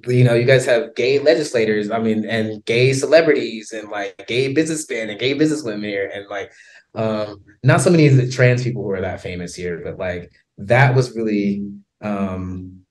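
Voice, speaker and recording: An American man with an American accent, a podcast guest talking in a casual, animated way, laughing often and using many fillers. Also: on the low side, normal speed. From United States. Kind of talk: casual interview chat.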